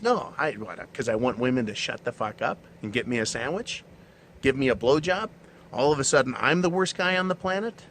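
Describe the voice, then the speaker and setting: A man's voice: mid-range voice, expressive, fairly quick, fairly bright tone, a little hiss or hum. A man hosting his own show, delivering a blunt, profane, mocking monologue. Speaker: show host. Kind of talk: ranting monologue.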